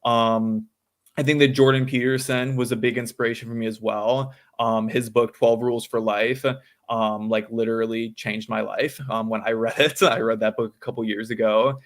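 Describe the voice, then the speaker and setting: A man's voice: medium pitch, level tone, normal speed. A nineteen-year-old man, a guest in a casual interview, talking with many ums and likes. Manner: filler-heavy, says "um" and "like" a lot. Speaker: guest, student activist.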